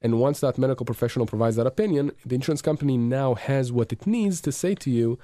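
A man speaks as a lawyer on talk radio, his voice dark and mellow. He talks earnestly and emphatically, tripping into restarts. The studio sound is dry and close. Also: mid-range voice, quick pace, few pauses, dry recording. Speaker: insurance and injury lawyer. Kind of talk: radio talk show advice.

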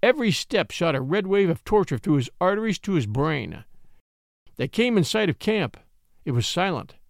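Man reading an old adventure story, lively up-and-down voice, fairly high, dry close mic. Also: normal speed, vocal fry, no echo. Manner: dramatic, animated reading. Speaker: audiobook narrator and podcast host. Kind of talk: expressive storytelling narration.

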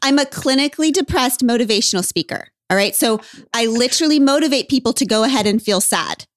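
A woman's voice: fairly high pitch, lively intonation, fast, dry recording, clean studio sound. A woman hosting a podcast in casual chat, wry and emphatic, laughing often. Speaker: podcast host.

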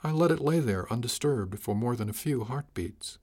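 A man's voice: medium pitch, animated, moderate pace, a little mellow. Man narrating with dry command. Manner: dry, commanding captain's dialogue. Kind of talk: first-person audiobook narration.

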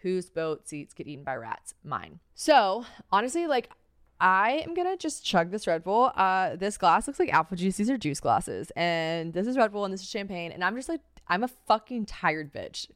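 A woman's voice: mid-range voice, very animated, moderate pace, fairly bright tone, no echo, clean studio sound. A young woman hosting a podcast solo, chatty and profane, telling stories with lots of fillers and sounding worn out. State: tired. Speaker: podcast host.

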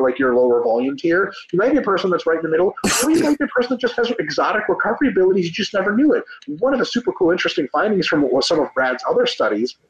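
Guy talking fast and swearing a lot, kinda high voice, echoey dull audio. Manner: animated, profane, acts out quoted people. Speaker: podcast co-host, coach. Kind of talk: casual discussion.

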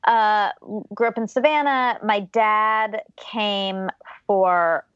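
A woman's voice: mid-range voice, slow, fairly bright tone, smooth, no room sound. Chatty woman from Georgia, dry lo-fi sound. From Georgia, USA. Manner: reflective, chatty, laughs often. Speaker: podcast guest. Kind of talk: casual interview storytelling.

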